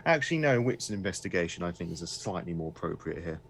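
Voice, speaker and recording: A man with a fairly low voice runs a tabletop game, talking players through rules and scenes. His descriptions wander and loop back on themselves in a casual, unhurried way. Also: big pitch swings, vocal fry, fairly bright tone, a little hiss or hum. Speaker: game master. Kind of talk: running a tabletop horror game.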